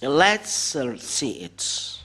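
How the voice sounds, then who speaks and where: A man's voice: mid-range voice, huge pitch swings, very slow, bright, forceful tone. A man preaching a sermon, reading scripture aloud and then arguing it with rhetorical questions, often repeating and restarting his words.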